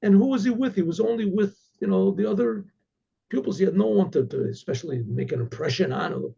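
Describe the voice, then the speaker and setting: Gravelly-voiced man telling a story. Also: a little high, very animated, a little fast, mellow. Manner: conversational, repeats words as he goes. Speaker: rabbi. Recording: dull lo-fi recording.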